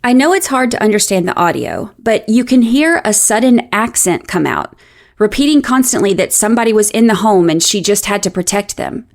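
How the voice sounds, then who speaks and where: A woman narrates a true-crime case in a measured, explanatory way. Her voice sits at an ordinary middle pitch, and her delivery is scripted and even, with a dry, sardonic edge now and then. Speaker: podcast host.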